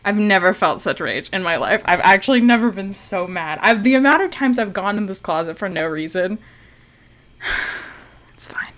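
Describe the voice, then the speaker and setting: A woman streaming a video game live, talking casually and in exasperation, swinging from loud outbursts to low muttering and swearing freely. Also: expressive, fairly quick, hardly any pauses.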